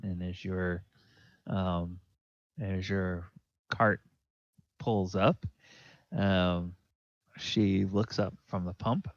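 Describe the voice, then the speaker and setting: Slow, low-voiced dungeon master. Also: male voice, little pitch movement, no echo. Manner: hesitant, many fillers. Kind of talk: narrating a tabletop game. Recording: dull lo-fi, dry sound.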